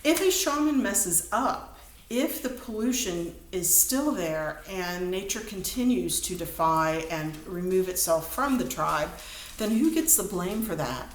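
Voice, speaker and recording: A woman's voice: fairly low pitch, expressive, unhurried. A woman instructor giving a lecture in a chatty storytelling way, full of ums and uhs. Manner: chatty storytelling, frequent fillers. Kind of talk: recorded lecture. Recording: roomy room, faint background noise.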